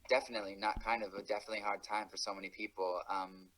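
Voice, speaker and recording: A man's voice: on the low side, little pitch movement, rapid-fire, fairly bright tone, a little hiss or hum, low-quality recording. A man answering an interview question in a reflective, hesitant way with many restarts.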